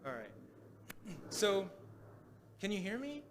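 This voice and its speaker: A man's voice: high-pitched, huge pitch swings, takes it slowly, slight background noise. A man preaching as pastor in a casual teaching style, often restarting phrases and checking in with "right?". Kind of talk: sermon teaching. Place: congregation hall.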